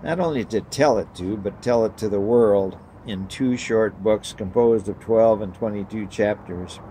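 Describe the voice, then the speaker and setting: A man's voice: on the low side, a little slow, dark tone, a little hiss or hum. A male pastor giving a sermon and reading a story, earnest and emphatic.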